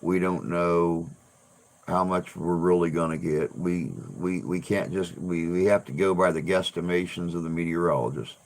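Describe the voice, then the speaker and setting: A man's voice: deep voice, steady tone, a little slow. A man hosting a casual livestream chat, rambling and restarting his sentences, with the odd swear word. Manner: rambling, repeats words, swears. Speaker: livestream host.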